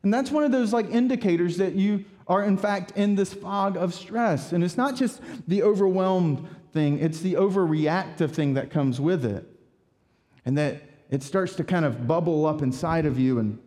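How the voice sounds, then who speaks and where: High-voiced pastor preaching in a reverberant hall. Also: male voice. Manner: conversational, animated with rhetorical asides. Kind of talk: sermon.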